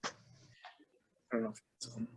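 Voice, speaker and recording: A man hosting, prompting family members to share their stories. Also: moderate pace.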